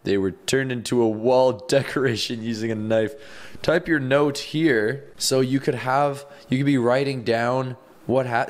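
A young man hosting a game video, commenting in an excitable, jokey way and laughing often. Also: mid-range voice, unhurried, faint music behind. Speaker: gaming video host. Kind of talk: let's-play commentary.

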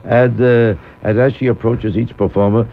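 A man's voice: medium pitch, steady tone, normal speed, creaky, a crowd in the background. A man doing a rambling comic monologue as a guest radio host, telling a story. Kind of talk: radio talk show storytelling. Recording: tinny phone-like old radio broadcast.

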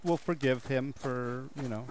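A man's voice: medium pitch, unhurried, a little mellow, a little hiss or hum. A man chatting easily with friends while he plays a survival game. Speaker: co-op player. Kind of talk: casual gaming chat.

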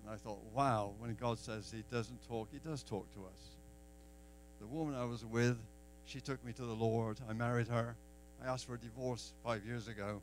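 A man's voice: mid-range voice, steady tone, normal speed, poor audio. An Englishman tells a personal testimony into a handheld mic at a church gathering. His voice sits in a middle range and has a faint hiss behind it. He acts out the dialogue in his story as he goes. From England. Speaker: church member giving testimony. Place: church deck at an open-mic event.

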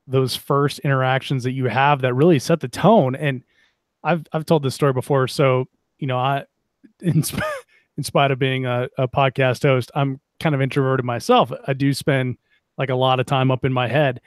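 A man's voice: mid-range voice, normal speed, no echo. Man hosting a podcast, dry sound. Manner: relaxed, stumbling restarts. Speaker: podcast host. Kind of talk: casual podcast conversation.

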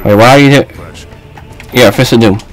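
A man giving loose, excitable gameplay commentary, trash-talking and yelling at his opponent on screen. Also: mid-range voice, moderate pace, soft background music, low-quality recording. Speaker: gaming video host.

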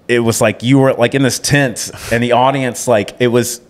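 A man, a stand-up comedian, telling rambling, halting stories in casual podcast chat. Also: medium pitch, steady tone.

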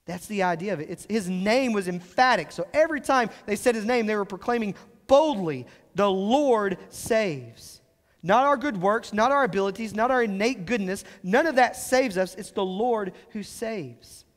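High-voiced man preaching in a reverberant church. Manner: explains scripture with emphatic rises and slow stressed phrases. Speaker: pastor. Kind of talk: sermon. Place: church sanctuary.

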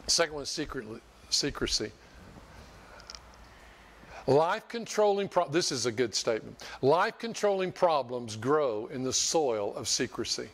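A man's voice: a little high, animated, moderate pace. An older man preaching a sermon as pastor, folksy and rambling, restarting and repeating words as he talks to his church. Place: church sanctuary.

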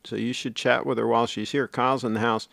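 Man, middle-aged, livestream host, casual rambling chat, mid-range pitch, dry close sound. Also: level tone, quick pace, vocal fry, a bit bright, no room sound. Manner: rambling, chatty, self-correcting.

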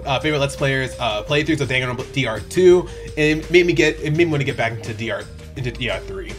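Male reaction host, home setup, lively pitch, excitable and rambling, faint music underneath. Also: quick pace. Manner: excitable, rambling, frequent restarts and exclamations. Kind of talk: casual anime reaction commentary. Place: home room.

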